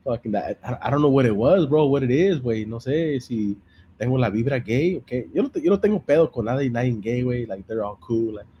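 A man's voice: medium pitch, animated, quick pace, lo-fi sound, slight background noise. Rowdy man on a podcast. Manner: switches between English and Spanish slang, laughs often; crude, rambling storytelling. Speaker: podcast host. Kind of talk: casual live-stream banter.

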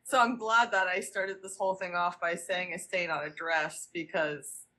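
A woman co-hosting a casual podcast, wry and unhurried. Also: fairly low pitch, steady tone, pushed and bright. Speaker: podcast co-host.

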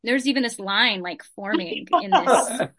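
Bright-voiced woman telling a story. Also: a little high, unhurried. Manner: earnest, chatty storytelling with many "like"s. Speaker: study group member. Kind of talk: casual personal story.

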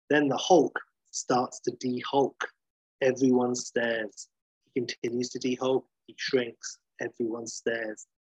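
A man retelling a story at length in a casual, lively way, swearing now and then and acting out the characters' lines. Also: mid-range voice, husky, no echo. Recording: dull muffled lo-fi sound.

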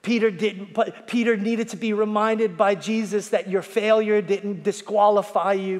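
High-voiced preaching man in a hall. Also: steady tone, normal speed, few pauses. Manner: preaching, swings from shouting to hushed; folksy, repeats calls to the congregation. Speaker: pastor. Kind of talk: sermon. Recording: long hall reverb.

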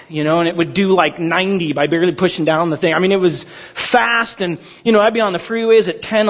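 A male pastor, preaching a sermon with animated storytelling that swings from hushed to loud. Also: sits high. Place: church hall. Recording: dull lo-fi sermon recording.

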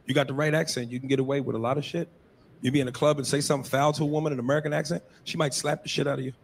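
A man's voice: medium pitch, flat delivery, racing, gravelly, a little hiss or hum. A man doing a crude, brash stand-up routine. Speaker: stand-up comedian.

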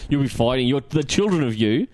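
A man's voice: mid-range voice, lively intonation, a little fast, darkish tone. A man with an Australian accent hosting a podcast, joking, teasing his guests and laughing often. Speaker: podcast host. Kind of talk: casual podcast banter.

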